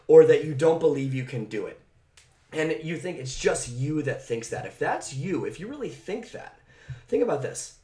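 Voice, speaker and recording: A man speaks as a motivational coach, energetic and direct, pressing each point home and checking in with the listener. His voice sits a little high for a man. The room rings with noticeable echo around him. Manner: energetic, emphatic and direct, with frequent "right?" asides. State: out of breath. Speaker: mindset coach. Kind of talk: motivational talk to camera. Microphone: camera mic.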